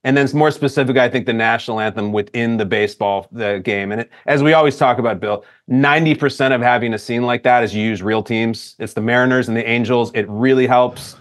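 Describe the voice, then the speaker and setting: An American man co-hosting a podcast, chatting casually and enthusiastically about a comedy film, jumping in with quick reactions. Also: medium pitch. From United States. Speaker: podcast co-host. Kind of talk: casual movie chat.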